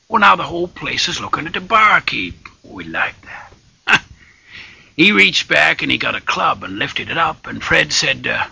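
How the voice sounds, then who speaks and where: A man spins a folk tale with a high, swooping voice that leaps all over its range. His tone is raspy, bright and gravelly, and he drops into loud whispers for suspense. The sound is dry and close. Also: very animated, measured pace, no room sound. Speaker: storyteller. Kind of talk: told folk tale with sung bits.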